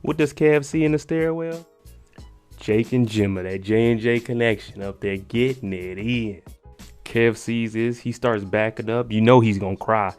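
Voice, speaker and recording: A man hosting his channel, giving an animated, slangy, casual recap of a TV episode and laughing often. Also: medium pitch, normal speed, clean tone, faint music behind.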